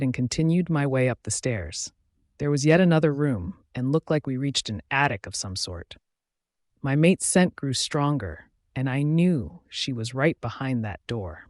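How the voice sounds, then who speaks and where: A man reading an audiobook aloud in a steady, even way, with a mid-pitched voice. The sound is close and dry, with no room echo. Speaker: narrator. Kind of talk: audiobook narration.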